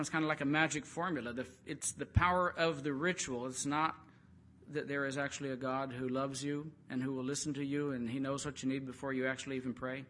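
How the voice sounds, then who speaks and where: A man's voice: fairly high pitch, sharp tone, a little hiss or hum. A man preaching a sermon, retelling a Bible story in a conversational way and acting out the quotes.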